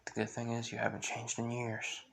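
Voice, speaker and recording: Guy reading an old fatherly king, surprised and welcoming, flat voice. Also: mid-range voice, fairly quick, gravelly, natural voice. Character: older male king, fatherly. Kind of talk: fan story retelling.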